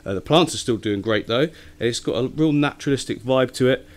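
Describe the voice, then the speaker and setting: A man hosting a fishkeeping vlog from his home tank studio, chatting eagerly to camera with frequent laughs, his voice deeper from the early morning. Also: brisk. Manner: chatty and enthusiastic, laughs often. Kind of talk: casual chat to camera.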